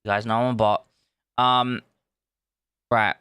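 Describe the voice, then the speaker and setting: A man's voice: medium pitch, level tone, takes it slowly, pushed and bright, smooth, no echo, clean studio sound. A man, chatting casually on a live stream, thinking aloud and greeting viewers from chat. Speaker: livestreamer.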